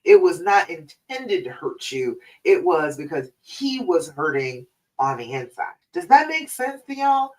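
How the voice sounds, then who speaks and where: Very animated and chatty, a woman with a lowish voice runs a live stream as a relationship coach, repeatedly asking her listeners "all right?" She is positioned far from the microphone, and the audio is poor.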